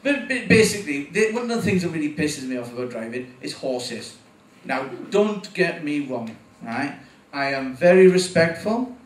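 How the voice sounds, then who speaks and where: A man's voice: a little high, sing-song, moderate pace, few pauses. Nervous man in his forties doing stand-up. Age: 40s. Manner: rambling, swearing, chuckling at own jokes. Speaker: first-time stand-up comic. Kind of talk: stand-up comedy set. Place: small venue with live audience. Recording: echoey room recorded from a distance, faint ambience.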